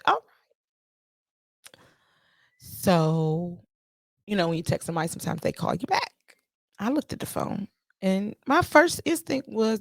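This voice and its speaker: A woman hosting a podcast, telling a story in a casual, animated monologue and repeating herself for emphasis. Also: a little high, moderate pace, long pauses, no room sound, clean studio sound. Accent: playful put-on Jamaican-style lilt at times. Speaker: podcast host.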